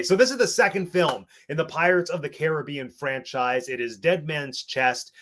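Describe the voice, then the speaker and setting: A man's voice: on the high side, a bit bright. Playful English man hosting a live stream. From England. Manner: playful, jokey, reads chat aloud. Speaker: host. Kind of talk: casual live-stream chat.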